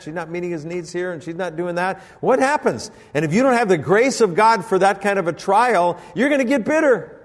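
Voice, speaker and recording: An older man preaching a sermon as pastor, telling family stories and acting out voices with sudden high jumps in pitch. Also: darkish tone, long reverb tail. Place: church sanctuary.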